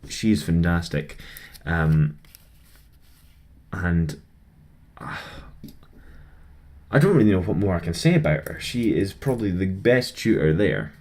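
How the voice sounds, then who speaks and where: Low-voiced young man chatting casually. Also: animated, measured pace, long pauses, darkish tone. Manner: rambling, chatty, self-deprecating. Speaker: vlogger building a model kit. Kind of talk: casual chat while building.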